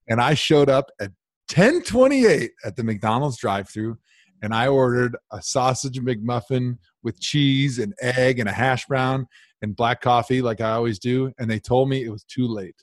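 A man co-hosting a casual podcast, from Wisconsin, telling stories with animated, mock-outraged energy. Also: mid-range voice, dry recording, studio quality. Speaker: podcast co-host.

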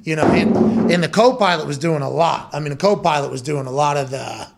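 A young man hosts a podcast, spinning animated stories in a loose, casual chat. He swears freely and often laughs mid-sentence, and his voice sits a little high for a man. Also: fairly quick, vocal fry, heavy background noise. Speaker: podcast host.

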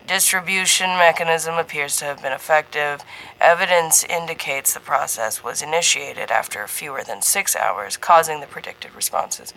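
A woman's voice: deep voice, normal speed, sharp tone, a little hiss or hum, rough recording. A woman voicing a male scientist dictating a detached, formal report. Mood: clinical. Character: man, scientist, cold clinical report voice.

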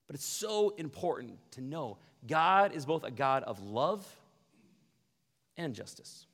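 A man preaching a sermon as pastor, animated, often acting out quoted voices. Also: a little high, slow. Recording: long hall reverb.

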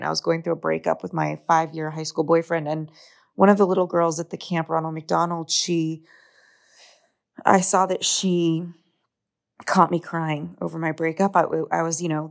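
Young adult woman hosting a reflective solo podcast; low-ish, creaky voice, sincere, open delivery. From United States. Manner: earnest, open, confiding. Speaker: podcast host.

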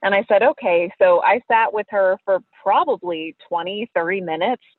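A woman's voice: mid-range voice, moderate pace, no room sound. A woman calling in to a podcast, telling a story casually and animatedly, laughing often. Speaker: listener caller. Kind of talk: casual storytelling over the phone. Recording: tinny phone line, dry.

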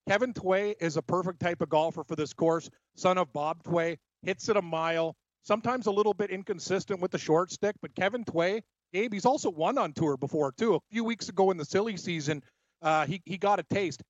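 A man co-hosting a casual sports betting show, an animated storyteller giving his picks. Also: high-pitched, dry recording. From Scotland. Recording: dry, dull lo-fi sound.

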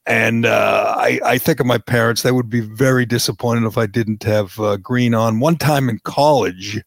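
A male podcast host talking in a loose, rambling way, blunt and quick to tease his co-host. His voice has a gravelly edge, and the sound is close and dry with no room echo. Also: medium pitch, fairly even intonation. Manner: blunt, teasing, rambling with fillers. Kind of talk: casual chat.

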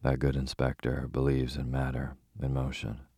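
A man voicing a fussy, precise older male detective who speaks placidly and deliberately, with foreign turns of phrase. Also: extremely low pitch, completely flat delivery, warm tone, breathy edge, no echo, clean studio sound, full character voice.

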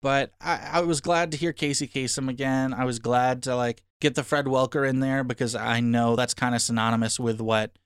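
Smooth-voiced man in casual review chat. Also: mid-range voice, steady tone, moderate pace, hardly any pauses, dry recording, studio quality. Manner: rambling, frank, mocking. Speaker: podcast co-host.

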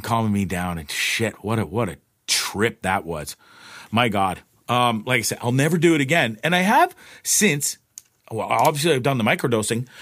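A man's voice: medium pitch, no echo, studio quality. A middle-aged man hosting a podcast, telling a personal story in a loose, profane monologue with frequent laughs. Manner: animated, profane, laughs often, voices others in quotes. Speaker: podcast host.

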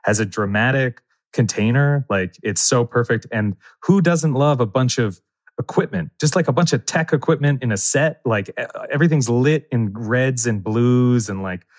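A man's voice: medium pitch, normal speed. A man from New Jersey, a podcast guest chatting casually and eagerly, often restarting his sentences. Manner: enthusiastic, stumbles and restarts often. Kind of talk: casual chat.

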